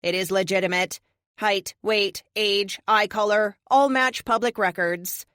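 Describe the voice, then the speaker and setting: A woman's voice: medium pitch, fairly even intonation, measured pace, a bit bright, no room sound, studio quality, pitched above the performer's own voice, lightly acted. A woman voicing a precise artificial intelligence that reports facts plainly. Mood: factual.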